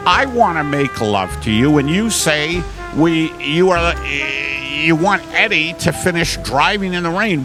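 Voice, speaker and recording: A man's voice: a little high, low-quality recording. A man voicing an exasperated middle-aged husband who blusters and swears. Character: gruff middle-aged husband Al from New Hampshire.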